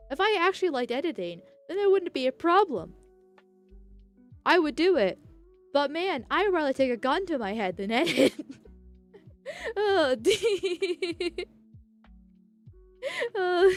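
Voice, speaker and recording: A woman streamer chatting casually, rambling through tangents and laughing often while thanking viewers. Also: high voice. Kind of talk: casual live-stream chat.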